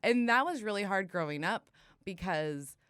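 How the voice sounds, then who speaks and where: A woman's voice: mid-range voice, lively intonation, moderate pace, a bit bright, clean tone, dry recording, clean studio sound. A young adult woman co-hosting a podcast, talking candidly in casual chat, swearing freely and laughing often. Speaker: podcast co-host.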